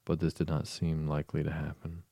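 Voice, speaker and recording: Very deep-voiced male storyteller. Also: brisk, creaky, dry recording. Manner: steady, even storytelling. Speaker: narrator. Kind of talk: storybook reading.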